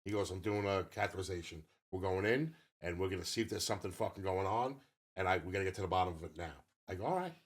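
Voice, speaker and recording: A deep-voiced man in his fifties talks fast while co-hosting a podcast, telling a long, meandering story in casual banter and swearing without restraint.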